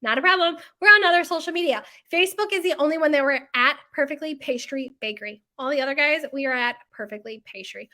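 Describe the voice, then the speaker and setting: A woman's voice: sits high, fast, hardly any pauses, bright, forceful tone. A woman who runs a bakery, talking to her followers in a chatty, self-mocking and flustered way. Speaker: bakery owner. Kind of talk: casual promo chat to followers.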